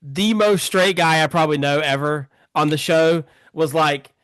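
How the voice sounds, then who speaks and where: Male film-podcast host; slightly high, smooth voice, loose chatty delivery. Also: steady tone, normal speed, a bit bright, dry recording. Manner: chatty, rambling with fillers. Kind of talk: casual film chat.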